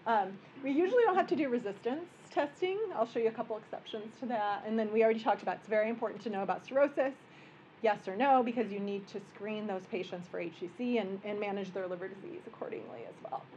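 A woman, a physician giving a relaxed, joking medical workshop lecture in a conference room. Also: mid-range voice, fast, highs cut off, slight background noise. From American Midwest. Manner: conversational and joking, explaining plainly.

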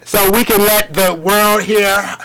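A man's voice: high-pitched, flat delivery, slow pace, vocal fry, a crowd in the background, rough recording. A man co-hosting a podcast, teasing a friend while telling a story through laughs. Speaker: podcast co-host. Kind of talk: casual chat.

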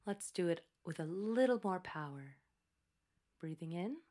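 Slow, calm woman coaching breath. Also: lowish voice. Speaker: voice instructor. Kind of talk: guided breathing and voice exercise.

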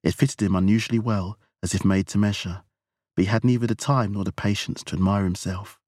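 Male narrator for audiobook, very low voice, dry close recording. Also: steady tone, a little fast, a little mellow, no echo.

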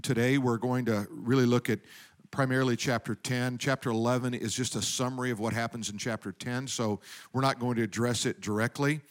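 A man's voice: medium pitch, steady tone, brisk. A man preaching a sermon in a conversational way, rising with emphasis on key points. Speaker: pastor.

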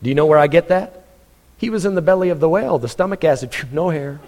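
A man's voice: a little high, expressive, quick pace, darkish tone, long reverb tail. A man preaching a sermon, telling a story with humor and acting out the people he quotes, often chuckling.

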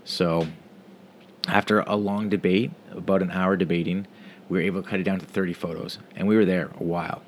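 A man's voice: low voice, level tone, fairly quick, a little hiss or hum. A man telling a rambling, profane story about his vacation in a casual monologue.

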